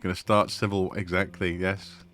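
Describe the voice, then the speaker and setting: A man casually commenting on his own gameplay as he streams, excitable and talking to the characters on screen. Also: sits low, normal speed. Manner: excitable, talks to the game characters.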